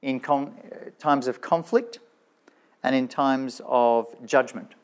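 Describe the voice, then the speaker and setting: Man, preacher, sermon, conversational, rhetorical questions, medium pitch. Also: slow pace, clean tone. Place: church with slides shown.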